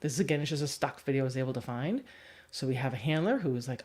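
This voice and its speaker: A woman's voice: extremely low pitch, animated, fast talker, darkish tone. A woman dog trainer giving a chatty livestream teaching talk and laughing often.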